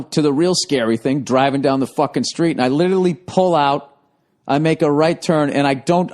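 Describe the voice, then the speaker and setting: A man hosting a podcast, telling a story in a casual, profane, comic way. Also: a little high. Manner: profane, animated, breaks into laughter. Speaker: podcast host.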